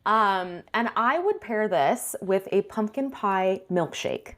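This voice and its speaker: A woman's voice: mid-range voice, expressive, slow, fairly bright tone. Chatty 30s woman co-host, easygoing book talk full of ums. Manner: chatty, many ums and likes, laughs often. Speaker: podcast co-host. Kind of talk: casual book chat.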